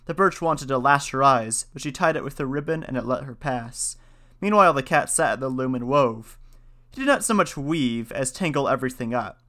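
A man reading a folktale aloud in a steady, measured voice, then talking through it in a casual lecture. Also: medium pitch. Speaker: storyteller and lecturer.

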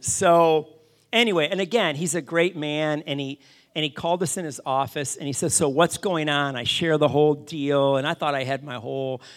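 A middle-aged man preaching, telling a story with animated, self-deprecating asides to his congregation. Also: mid-range voice. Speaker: pastor. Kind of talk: storytelling sermon.

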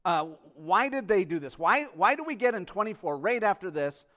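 High-voiced man preaching with passion. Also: sing-song, moderate pace. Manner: impassioned, swings between loud emphasis and hushed asides; rhetorical questions to the congregation. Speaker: pastor. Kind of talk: sermon.

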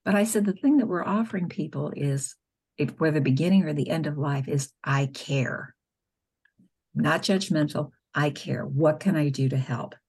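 A middle-aged woman, a nurse and pro-life spokeswoman, earnestly tells patient stories in a conversational interview, acting out the dialogue. Her voice is low-pitched, dark, husky and creaky, and she speaks briskly.

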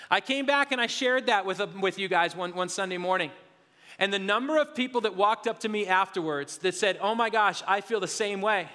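A man's voice: high voice, moderate pace, pauses often, pushed and bright. A male pastor preaching a sermon in an earnest, confessional way, often restarting and repeating his words. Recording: hall reverb.

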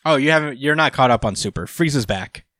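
A man's voice: mid-range voice, lively intonation, fast, fairly bright tone, no room sound, studio quality. Laid-back swearing guy in casual chat. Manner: laid-back, swears, laughs often, acts out quotes. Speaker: podcast co-host. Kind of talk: casual chat recapping a manga chapter.

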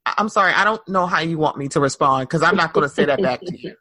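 A woman's voice: low voice, fast talker, dry recording. A woman co-hosting a casual chat, telling sassy stories and acting out the quoted voices. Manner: animated, sassy storytelling with acted-out quotes. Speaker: podcast co-host.

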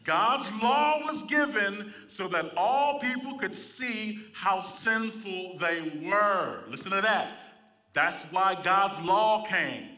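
Bright, high-voiced preaching man. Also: expressive, takes it slowly, recorded from a distance. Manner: preaching with call-and-response to the congregation. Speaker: pastor. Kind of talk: sermon. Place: church.

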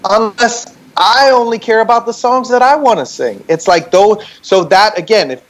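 A man speaking over a remote call in a relaxed, explanatory way. His voice sits somewhat high for a man, and he keeps the thread moving by checking in with "right?" as he explains. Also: normal speed, rough recording. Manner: animated, talks things through with many "right?" checks. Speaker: band member on a group call. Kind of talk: casual explanatory chat.

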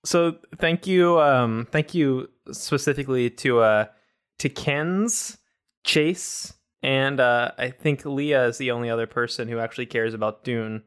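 A man's voice: mid-range voice, measured pace, fairly bright tone, clean tone. A man joking dryly on a podcast over a video call. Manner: dry teasing jokes. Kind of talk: casual chat on a video call.

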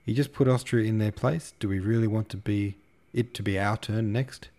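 A man's voice: lowish voice, steady tone, normal speed, dark tone, lightly acted. A man voicing a sardonic, witty dinner guest who mocks the war talk and slips into French. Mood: mocking. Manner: mocking, slipping into French.

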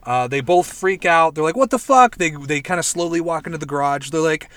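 A young man hosting a casual podcast, excitedly recapping and reviewing a show in a rambling, profane way. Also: on the high side, brisk, smooth, no room sound. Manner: rambling, profane, animated retelling with quoted voices. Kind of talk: casual chat.

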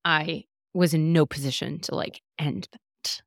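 A woman's voice: deep voice, fairly even intonation, unhurried, no room sound, clean studio sound. A woman hosting a podcast, telling a personal story candidly, with many fillers and restarts. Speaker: podcast host. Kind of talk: casual chat.

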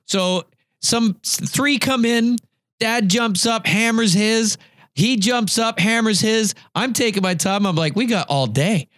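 Man, podcast host, fairly high voice, dry close sound, animated storyteller. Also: a little slow, no echo. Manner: animated storyteller, voice jumping high when retelling. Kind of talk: casual podcast chat.

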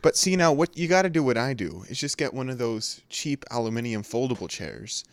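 A man's voice: mid-range voice, lively intonation, brisk, a little hiss or hum. A young man from California chatting casually as a podcast co-host, rambling and jokey, often laughing.

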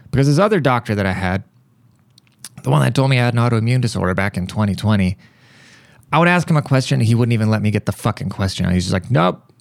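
A man hosting a podcast, telling a rambling story in a casual, profane, animated way. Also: fairly low pitch, creaky, no room sound. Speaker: podcast host.

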